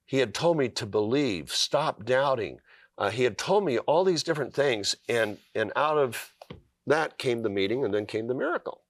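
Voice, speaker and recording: A man's voice: mid-range voice, animated, normal speed. A middle-aged man, a guest author, telling a personal story in an earnest way on a talk show, with fillers and restarts.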